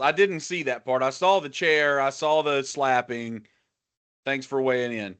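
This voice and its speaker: A man's voice: mid-range voice, a little slow, fairly bright tone, clear, resonant tone. A man co-hosting a casual podcast who gives emphatic, opinionated takes and speculates freely. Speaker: podcast co-host.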